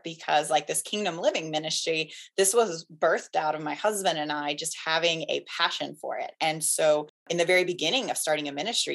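A woman's voice: low voice, vocal fry, fairly bright tone, husky. A woman pastor who is a guest on a faith podcast, speaking in a thoughtful, candid way and laughing easily. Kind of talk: conversational interview.

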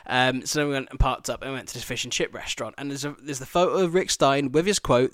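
Male podcast host, fast, profane, rambling storyteller, dry close sound. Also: medium pitch, fairly bright tone, no room sound. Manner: sweary, rambling, laughing asides. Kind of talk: casual travel storytelling.

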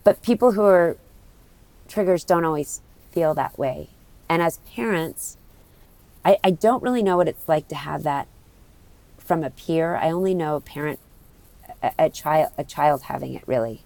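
A woman's voice: low-pitched, normal speed, long pauses, a little mellow, no echo. A middle-aged woman from the United States, talking candidly as a guest in an interview, rambling with many restarts.

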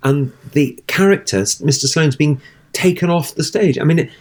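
A man with a fairly high-pitched voice speaks at a moderate pace. He's a middle-aged actor guesting on an interview, animatedly telling a long theatrical anecdote and acting out its voices.

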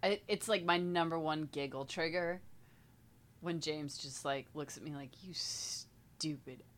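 A woman co-hosting a casual podcast, expressive and quick to swear and exclaim in surprise. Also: deep voice, a little hiss or hum. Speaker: podcast co-host. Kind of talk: casual chat.

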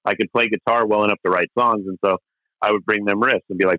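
A man's voice: on the low side, fast, bright, forceful tone, dry recording, rough recording. A middle-aged man telling stories about his band in an interview, rambling with many restarts and fillers, candid and a bit profane. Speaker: interview guest, musician. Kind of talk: casual storytelling interview.

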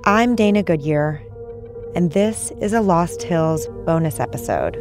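A woman hosts a podcast with scripted narration, her voice sitting on the low side. Her storytelling is even and measured. Faint music plays underneath. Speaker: podcast host.

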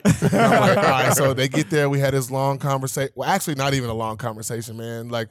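A man in his thirties, a guest in a casual interview, telling a story in a relaxed way. He swears freely, acts out what others said, and laughs as he talks. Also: medium pitch, a little fast, no echo, studio quality. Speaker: guest, professional athlete.

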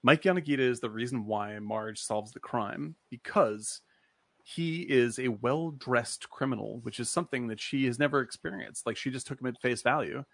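Brief: husky-voiced male host, dry close sound, loose rambling film talk full of "like" and cursing. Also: mid-range voice, moderate pace, a bit bright, dry recording. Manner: rambling, full of "like" fillers, swears freely. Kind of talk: casual film discussion.

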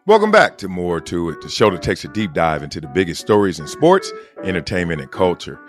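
A man's voice: low-pitched, very animated, a little fast. A man introducing his show with a bold, punchy delivery. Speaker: show host. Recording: music bed behind.

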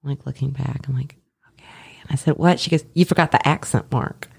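Woman, former nurse, casual storyteller; animated, profane, mimics voices, laughs often. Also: very deep voice, fast, vocal fry, slightly rough. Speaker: former labor and delivery nurse. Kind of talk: casual chat.

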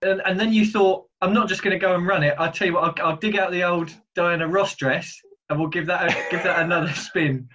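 Higher-voiced man asking teasing questions. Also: steady tone, a little fast, few pauses, bright, forceful tone, highs cut off. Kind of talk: casual interview.

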